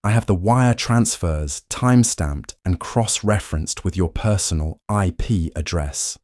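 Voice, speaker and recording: A man voicing a poised woman finance chief who speaks in a calm, clipped, controlled manner. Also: low voice, a little slow, no echo, studio quality. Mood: coldly calm.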